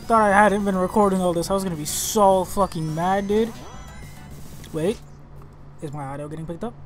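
A young man giving let's play commentary on a video game, excitable and reactive, often exclaiming and swearing. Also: sits high, moderate pace. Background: game music.

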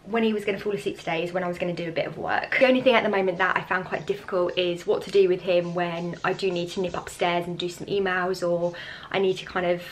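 A young woman chatting to her camera in her home kitchen, croaky and tired, rambling with easy laughs. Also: lowish voice, level tone, quick pace, slight background noise. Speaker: vlogger. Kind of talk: casual vlog chat to camera.

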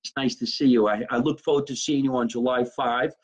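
A man's voice: medium pitch, steady tone, brisk, husky, rough recording. A man from New Jersey, a comedian hosting a live stream from his kitchen, joking brashly and swearing freely in casual chat. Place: home kitchen.

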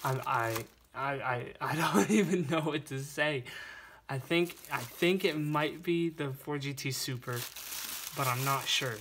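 Excited young man unboxing, noisy room. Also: medium pitch, measured pace. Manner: breathless, gushing, stammering with excitement. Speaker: toy car collector vlogger. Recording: noisy room with crinkling bags.

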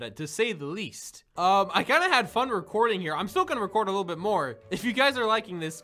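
A man's voice: sits high, sharp tone. A young man giving playful, silly gameplay commentary, joking and chatting with his viewers. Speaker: gaming video creator.

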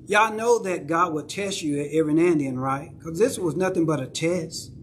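A Southern-accented pastor delivers a sermon in the sanctuary, speaking in a conversational way and checking in with his listeners. His fairly high voice moves at normal speed, with slight hiss or hum in the recording.

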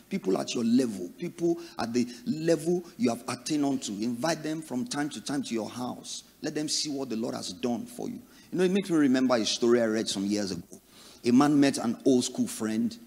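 A middle-aged Nigerian man preaching a sermon, telling stories and acting out the people in them with sudden loud bursts. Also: medium pitch. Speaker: pastor. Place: church. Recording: long reverb of a church hall.

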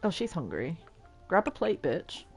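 Lively giggly woman gamer. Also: fairly high pitch, moderate pace, soft background music. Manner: chatty, giggly, reacts out loud to the game. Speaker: gaming streamer. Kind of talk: casual gameplay commentary.

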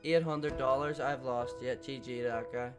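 A young man narrating his online case battles live, agitated and cursing freely. He keeps calling his viewers mate and guys, at a middle pitch, with soft music underneath. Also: steady tone, normal speed. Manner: swears a lot, agitated and frantic. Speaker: YouTuber gambling on case openings. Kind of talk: casual live gaming commentary.

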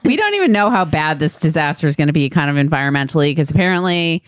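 Matter-of-fact woman co-host, low voice. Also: big pitch swings, fast, clean tone, dry recording, clean studio sound. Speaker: podcast co-host. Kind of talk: casual chat.

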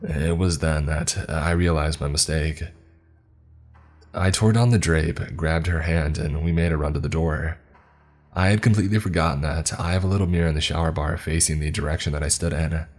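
A man narrating a horror story in a low, dark storytelling voice, with a husky tone. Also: normal speed. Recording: faint music behind.

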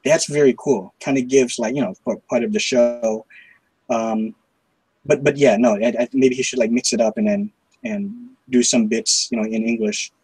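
A man's voice: mid-range voice, expressive, moderate pace, creaky, darkish tone, husky, low-quality recording. A man hosting a casual chat, talking hesitantly with many fillers and repeated words. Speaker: host.

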